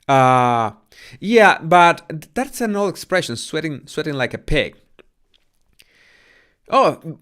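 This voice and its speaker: Smooth-voiced man with a Latin American Spanish accent. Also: medium pitch, fairly bright tone. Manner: hesitant, stuttering restarts; careful with pronunciation. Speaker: channel host. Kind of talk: casual rambling live chat.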